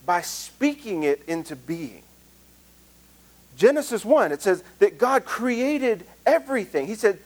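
A man's voice: high voice, low-quality recording. A male pastor with a Southern US accent preaching a conversational sermon, earnest and self-deprecating.

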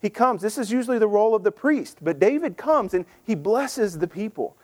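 High-voiced man preaching. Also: brisk. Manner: animated, acts out the people in the story in voices. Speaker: pastor. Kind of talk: sermon.

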